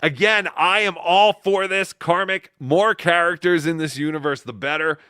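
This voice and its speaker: A man hosting a live show who banters in an excitable, teasing and crude way. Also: on the high side, normal speed, smooth, faint music behind. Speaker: host. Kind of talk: casual live-stream banter.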